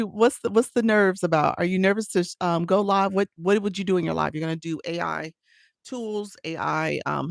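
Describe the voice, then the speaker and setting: Woman, casual live chat, gravelly edge, dry close phone sound, laughs and greets viewers. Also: lowish voice, dry recording. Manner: chatty, laughs often, greets viewers by name. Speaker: live-stream coach.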